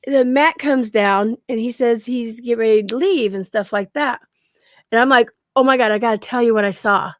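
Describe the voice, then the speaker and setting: A woman with a fairly high voice recounts her paranormal encounters in a lively podcast chat. She acts out what people said and laughs often. The sound is close and dry. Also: normal speed, no echo. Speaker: guest paranormal researcher. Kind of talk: casual storytelling on a podcast.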